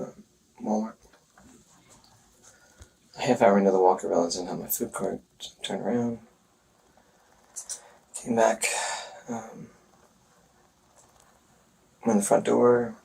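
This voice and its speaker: A man recounting events in a police interview, speaking haltingly and hesitantly with many pauses. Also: on the low side, gravelly, dark tone. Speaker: murder suspect in a police interview. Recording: distant interview recording with faint noise.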